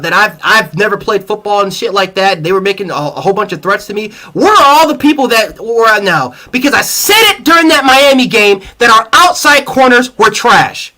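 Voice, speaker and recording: A man hosts a sports livestream, furious after a loss and swearing through his rant. He stumbles over and repeats his words. His voice sits high with a bright, sharp edge. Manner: angry, profane, repeats himself. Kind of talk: heated fan reaction rant.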